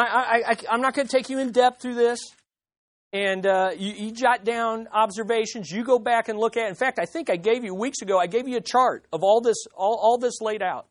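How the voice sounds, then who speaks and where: A woman preaching a sermon in an emphatic way, moving between loud stresses and hushed asides. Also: fairly high pitch, dry recording, clean studio sound.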